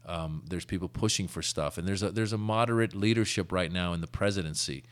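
A man hosting a podcast, telling stories in an animated, casual way with frequent restarts. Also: sits low, fairly quick. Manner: animated storyteller, many restarts. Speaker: podcast host. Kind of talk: casual conversation.

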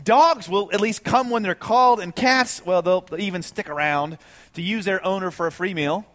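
A man preaching a sermon to a congregation, animated and full of rhetorical questions. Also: sits high, normal speed, big-room sound. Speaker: pastor.

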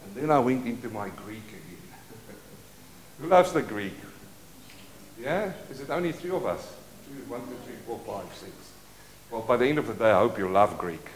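A man preaching a sermon as pastor, leading call-and-response and moving between quiet asides and loud declarations. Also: medium pitch, animated, normal speed, long pauses, echoey room, a little hiss or hum. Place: church.

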